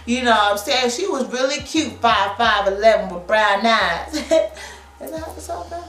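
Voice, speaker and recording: Vlogger, thirties, animated slangy storyteller with a lively pitch. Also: female voice, moderate pace, roomy sound. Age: 30s. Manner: animated, slangy, laughs often. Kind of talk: casual storytelling.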